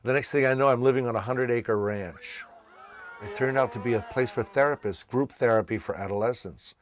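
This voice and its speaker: A man's voice: mid-range voice, brisk, a little hiss or hum. A man from Massachusetts, a children's entertainer, casually telling his life story and acting out the voices of people he met. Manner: animated, acts out quoted voices.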